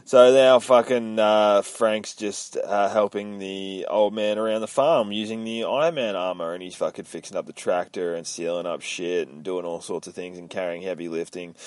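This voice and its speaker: A man's voice: fairly low pitch, fairly even intonation, normal speed, a little mellow, clear, resonant tone, dry recording. A man hosting a podcast, recapping a comic book in a profane, rambling, self-mocking way. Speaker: podcast host.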